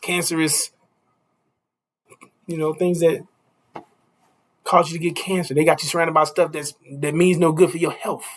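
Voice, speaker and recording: A man's voice: on the high side, little pitch movement, normal speed, pauses often. A man preaching a casual street sermon, stopping often to ask "you see?" and chuckling between points.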